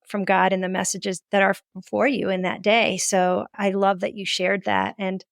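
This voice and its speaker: A woman hosting a podcast, chatting quickly and warmly with her guest. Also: medium pitch, level tone, gravelly, dry recording, studio quality. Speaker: podcast host. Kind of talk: casual interview chat.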